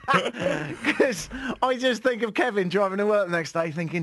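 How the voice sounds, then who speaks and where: A man's voice: high-pitched, expressive, a little slow, a crowd in the background. A British man hosting a casual talk radio show, joking and sarcastic, laughing often. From Britain. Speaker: radio host. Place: radio studio.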